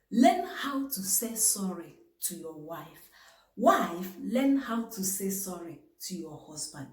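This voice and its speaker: A woman with a Nigerian English accent lectures her viewers on marriage, slow and weighty, often asking herself "what?" before answering. Her pitch swings widely between low asides and sharp exclaimed peaks. The room around her rings with echo. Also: sing-song. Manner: emphatic, rhetorical questions, sudden exclamations. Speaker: vlogger giving marriage advice. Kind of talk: preachy advice talk to camera.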